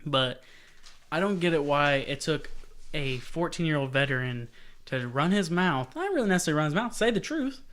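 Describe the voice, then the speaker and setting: A young man co-hosting a casual sports podcast, telling stories in a profane, animated way and mimicking other people. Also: a little high, normal speed. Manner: profane, animated storytelling with mocking voices. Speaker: podcast co-host.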